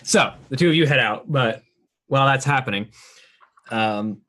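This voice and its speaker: A man serves as game master, laying out scenes at a middle, unremarkable pitch. He talks in a halting way, filling pauses with ums and circling back on his phrases. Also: fairly bright tone. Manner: halting, filled with ums and restarts. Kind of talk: narrating a tabletop game.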